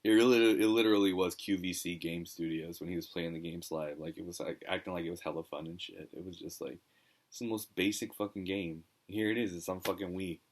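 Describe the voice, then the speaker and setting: A man's voice: low-pitched, fairly even intonation, brisk, slight background noise, low-quality recording. A man streaming a game live, ranting casually with lots of swearing and exasperation. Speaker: gaming streamer.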